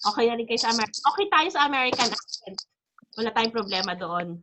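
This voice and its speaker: A woman's voice: fairly high pitch, expressive, fast, noisy background. A woman with a Filipino accent teaching an online test-prep class, switching between English and Tagalog in a chatty, thinking-aloud way. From Philippines. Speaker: IELTS teacher. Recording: dull, lo-fi online class audio.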